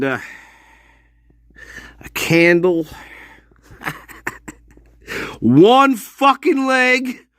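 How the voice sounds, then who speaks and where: A man hosts his own livestream and rambles in a loose, profane way, laughing as he goes. He talks slowly, and his pitch swings widely. The sound is dry and close, with no room echo. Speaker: host of a one-man show. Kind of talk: casual livestream chat.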